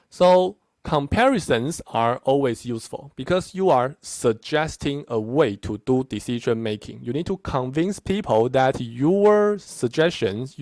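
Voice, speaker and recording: A man's voice: mid-range voice, darkish tone, dry recording. Emphatic male lecturer. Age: middle-aged. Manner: emphatic, repeats points with frequent "okay?". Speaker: university lecturer. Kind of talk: classroom lecture.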